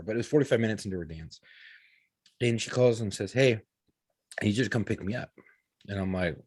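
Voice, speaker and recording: A man's voice: lowish voice, no echo. A man in his thirties, a podcast co-host, telling a story in casual, profane talk full of quoted dialogue. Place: podcast studio.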